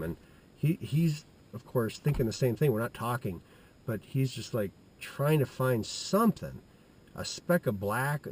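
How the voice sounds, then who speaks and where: A man's voice: medium pitch, darkish tone. Rambling man telling a childhood story. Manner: halting, with many restarts and fillers. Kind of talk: rambling personal anecdote.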